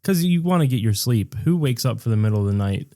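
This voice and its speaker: A man's voice: mid-range voice, animated, fast, mellow, no room sound, clean studio sound. A man co-hosting a podcast, telling crude stories in casual chat and quoting people as he goes. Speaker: podcast co-host.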